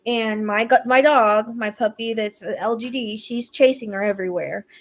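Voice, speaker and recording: A woman's voice: a little high, normal speed. A woman host telling a rambling, exasperated story in casual chat, swearing now and then. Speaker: psychic podcast host. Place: rural property with acreage.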